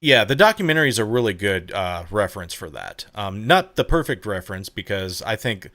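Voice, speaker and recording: Male host, lowish voice, casual and filler-heavy. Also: very animated, pushed and bright, dry recording. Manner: chatty, filler-heavy, \"real quick\". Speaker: show host. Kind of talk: live-stream interview.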